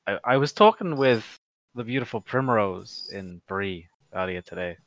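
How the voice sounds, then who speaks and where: A man playing a tabletop game, speaking hesitantly and low-key. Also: expressive, moderate pace, fairly bright tone, dry recording, rough recording. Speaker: player.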